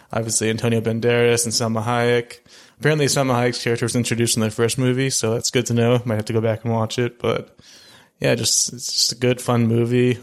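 A young man chatting casually about a film he saw, rambling with lots of fillers and restarts. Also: mid-range voice. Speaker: film podcast co-host. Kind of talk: casual film review chat.

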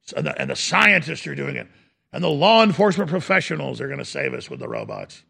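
Man, middle-aged, talk radio host, impassioned rant, bright sharp tone. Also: mid-range voice, huge pitch swings, fast, creaky, slightly rough. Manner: impassioned ranting.

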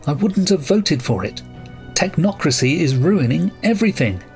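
A man's voice: fairly high pitch, sing-song, normal speed, soft background music, voice pushed up. Man doing a bitter, complaining writer. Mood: angry. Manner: loud, lamenting, sarcastic. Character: frustrated male writer, bitter and self-pitying.

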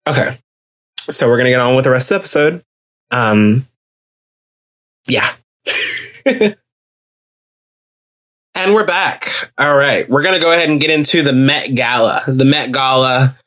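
A man's voice: measured pace, long pauses. Gushing chatty man hosting a podcast. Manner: gushing, repetitive, lots of fillers and restarts; lively pitch jumps when excited. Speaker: podcast host. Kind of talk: casual solo review chat.

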